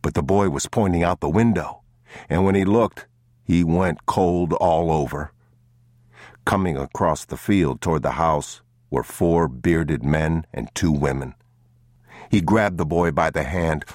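A man narrating an audiobook in a grave, measured, somber manner. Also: very deep voice, dry recording, studio quality. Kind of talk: scripted narration.

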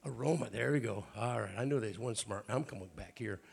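A man's voice: on the low side, brisk, creaky. An older man with a Southern accent preaching a sermon in a folksy, joking way. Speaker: bishop preaching.

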